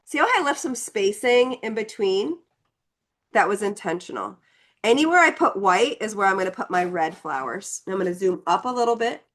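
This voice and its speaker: A woman's voice: medium pitch, lively intonation, moderate pace, a bit bright. Chatty woman teaching a painting class. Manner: chatty, encouraging, talks while demonstrating. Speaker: painting instructor. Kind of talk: live online painting class.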